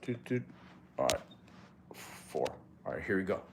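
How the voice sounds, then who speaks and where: A man's voice: low-pitched, sing-song, measured pace, vocal fry, echoey room, noisy background. A man chatting casually on a live stream, giving fitness advice, thanking viewers and counting out push-ups, sometimes a little out of breath. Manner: laid-back, chatty, thanks viewers, counts reps aloud.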